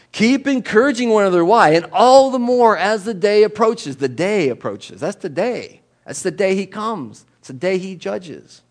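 A middle-aged man delivers a sermon to his church. His voice sits high and leaps up and down with lively energy. He drops into playful impressions of people while joking with the congregation. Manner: animated, jokey, acts out voices of people. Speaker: pastor.

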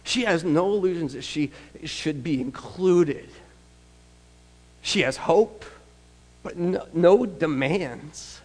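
A man's voice: a little high, takes it slowly, pauses often, a little mellow. A man gives a sermon in a slightly raised voice. He tells homely stories with casual asides, and his words ring out with the long reverb of a large hall. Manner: conversational storytelling with asides. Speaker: pastor.

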